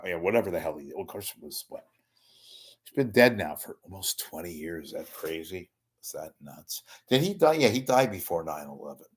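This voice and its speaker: A man's voice: low voice, animated, moderate pace, breathy edge. Rambling older man hosting a livestream. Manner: rambling, self-interrupting, with bawdy jokes. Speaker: host. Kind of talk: casual livestream monologue.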